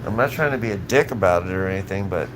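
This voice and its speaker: A man's voice: low-pitched, animated, quick pace, noisy background. Profane, rambling man ranting. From Southern California. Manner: profane, agitated, rambling with frequent restarts. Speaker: live streamer. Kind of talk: rambling live-stream rant.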